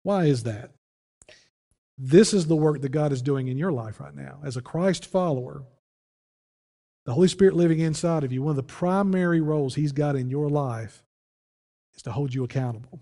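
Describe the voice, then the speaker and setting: A man preaching as pastor, earnest, often dropping low and quiet to press a point. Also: normal speed, creaky, long pauses, big-room sound. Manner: earnest preaching, voice drops low and soft on key phrases. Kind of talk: sermon.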